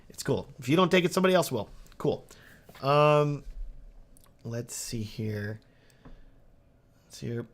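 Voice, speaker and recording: A man's voice: mid-range voice, measured pace, long pauses. A man with a Texan accent hosting a casual livestream Q&A, answering viewer questions in an upbeat way with lots of "um" and "like". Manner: casual and upbeat, many fillers like "um" and "like". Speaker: wedding videographer hosting a livestream Q&A.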